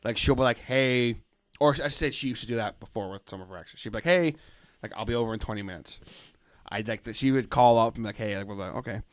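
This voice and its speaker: A man's voice: medium pitch, fast talker, dry recording, clean studio sound. A man hosting a podcast, telling a rambling anecdote and acting out the people in it. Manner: rambling, acts out voices in anecdotes. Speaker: podcast host. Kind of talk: casual storytelling.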